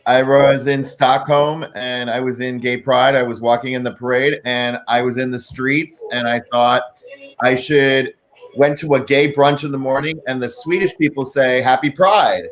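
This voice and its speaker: A man's voice: mid-range voice, little pitch movement, moderate pace, faint music behind. A man, a guest songwriter, telling his story in an earnest, rambling way.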